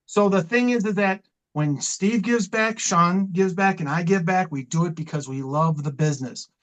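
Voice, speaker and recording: A man's voice: sits high, normal speed, fairly bright tone, rough recording. Impassioned middle-aged man telling stories. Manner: impassioned, rambling, repeats himself. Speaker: professional wrestling manager. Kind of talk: storytelling interview talk.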